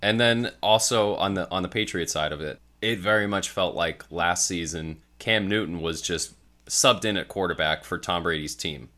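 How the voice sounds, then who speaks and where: A man co-hosting a sports podcast, talking in a relaxed, chatty way and laughing often. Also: low-pitched, moderate pace. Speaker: podcast co-host. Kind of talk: casual sports chat.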